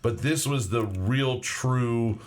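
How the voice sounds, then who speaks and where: A man's voice: medium pitch, slow pace. A man co-hosting a podcast, chatting loosely and swearing, with frequent restarts. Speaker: podcast co-host. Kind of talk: casual podcast chat.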